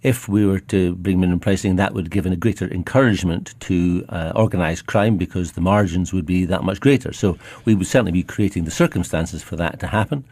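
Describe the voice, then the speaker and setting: Industry spokesman, very deep voice, dry close sound, steady and factual. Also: brisk, few pauses, no room sound. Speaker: industry association guest. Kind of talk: radio debate.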